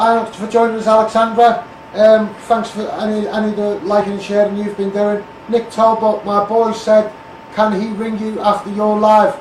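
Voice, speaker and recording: A high-pitched Scouse man hammers out a blunt, emphatic live-stream rant, calling everyone mate. His phone picks him up from a distance, so the voice sounds echoey and roomy, with a faint hiss of background noise underneath. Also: darkish tone. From Liverpool area. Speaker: Facebook Live campaigner. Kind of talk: ranting live stream monologue.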